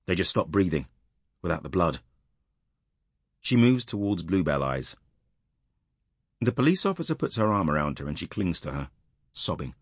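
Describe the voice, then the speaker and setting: A man narrating an audiobook in a measured, tense storytelling manner, recorded close in a dry studio. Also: deep voice, sing-song, slightly rough, no echo.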